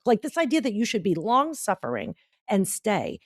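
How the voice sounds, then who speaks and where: A woman's voice: mid-range voice, moderate pace, slightly rough, dry recording, studio quality. A middle-aged woman, a guest author and speaker, chatting casually on a podcast and acting out bits of dialogue as she tells stories. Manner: animated storyteller who acts out quoted dialogue.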